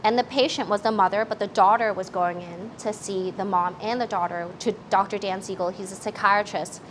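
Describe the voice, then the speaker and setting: A woman's voice: medium pitch, fairly even intonation, brisk, a little hiss or hum, low-quality recording. A middle-aged woman giving a parenting workshop talk, explaining simply and asking the listeners to join in.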